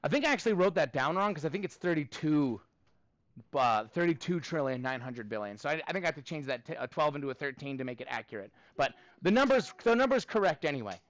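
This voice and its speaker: A man teaching a math class, upbeat, counting steps aloud and thinking out loud as he works problems with students. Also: on the high side, big pitch swings, fast, dry recording. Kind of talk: live class review lesson.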